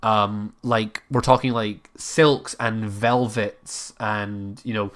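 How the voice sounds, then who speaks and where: A man's voice: fairly low pitch, steady tone, slow pace, fairly bright tone. A man narrating as game master of a tabletop game, rambling with frequent fillers.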